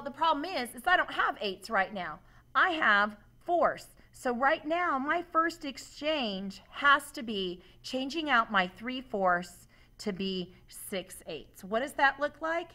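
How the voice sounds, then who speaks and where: A woman's voice: on the high side, bright, forceful tone. A woman teacher walking students through a math demonstration, upbeat and asking them questions as she goes. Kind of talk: classroom demonstration lesson.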